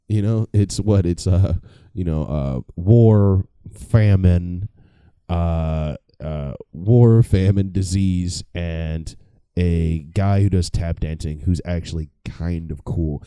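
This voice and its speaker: A man's voice: low-pitched, slow, dark tone, smooth, no room sound. A young man doing a casual, profane comedic monologue, rambling and mocking himself. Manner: rambling, profane, self-mocking, laughs at own jokes. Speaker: comedy podcast host.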